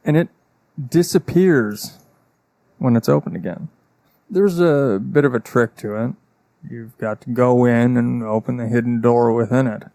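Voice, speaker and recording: A man's voice: medium pitch, measured pace, creaky, dark tone, no room sound, clean studio sound. A man running a tabletop game as game master, explaining rules with fillers like "uh".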